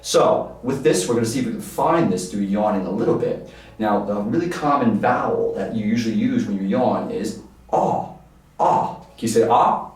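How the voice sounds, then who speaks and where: A man teaching a singing lesson, coaching and encouraging the listener through warm-ups. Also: lowish voice, animated, normal speed. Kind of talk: vocal lesson with demonstrations. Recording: very echoey room, voice from far off the mic. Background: piano.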